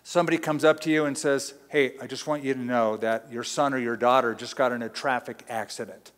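A middle-aged pastor from Southern California preaching a sermon in a conversational, storytelling way, acting out quotes. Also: male voice, mid-range voice, fairly even intonation, a little fast, long reverb tail.

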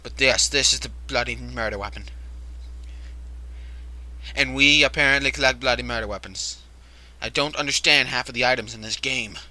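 A man's voice: medium pitch, normal speed, long pauses, pushed and bright, low-quality recording. A man hosting a let's play, joking, swearing and jumping at scares as he talks to the screen. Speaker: gaming video host.

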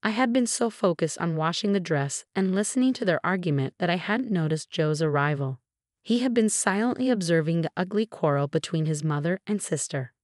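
A woman reads a scripted first-person family drama at a steady, measured pace. Her voice sits on the lower side, and the recording is dry and close, with no room sound. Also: no echo.

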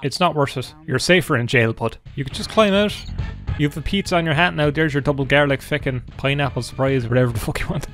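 A man's voice: a little high, fast talker. A man in his twenties with an Irish accent, giving sarcastic, profane let's-play commentary over game music. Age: 20s. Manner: sarcastic, profane, deadpan jokes. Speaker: gaming YouTuber.

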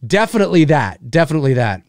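Rambling livestream host, man, forties, slightly high-pitched, close dry mic, casual cursing. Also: very animated, fast, no room sound. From Canada. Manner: rambling, swears casually, repeats himself. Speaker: live show host reading chat.

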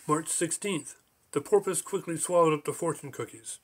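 A man's voice: fairly high pitch, normal speed. A man reading his own absurd story aloud, slipping in small voices for its many odd creatures. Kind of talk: audiobook narration.

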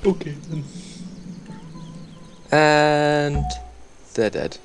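A man's voice: mid-range voice, animated, normal speed, a little hiss or hum. A man chatting with friends over voice chat during a strategy game, self-deprecating and tripping over repeated words. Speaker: gamer playing in a group.

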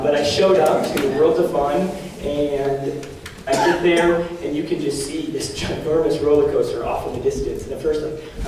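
Young man, parish speaker animated storyteller, losing his voice, somewhat higher pitch, heard from a distance in a large echoing hall. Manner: animated, laughs often, many fillers. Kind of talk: lively storytelling talk to a group. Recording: echoey hall from far off, faint noise.

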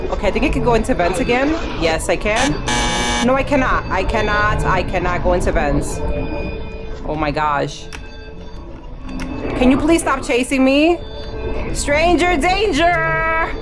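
A gaming channel host provides live commentary on a video game, chattering to herself and breaking into sudden high shrieks. Her pitch leaps up and down constantly, very animated, over clear game music.

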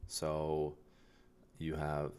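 A young man with an extremely low, rumbling voice speaks in a near-monotone, barely rising or falling. He rambles casually to the camera, pausing on fillers and restarting his sentences as he searches for words. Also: smooth. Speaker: vlogger. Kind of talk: casual self-reflective vlog.

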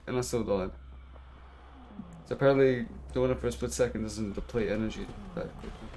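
A young man commenting casually while live-streaming a game, frustrated and swearing, breaking into sudden yelled outbursts. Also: medium pitch, steady tone, fairly quick, slight background noise. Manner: frustrated, swearing, bursts of yelling.

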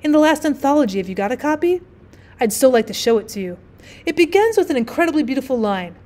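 A woman voicing a soft-spoken, precious young male poet who gushes over a poem. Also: high-pitched, sing-song, fast. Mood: gushing. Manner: soft and gushing.

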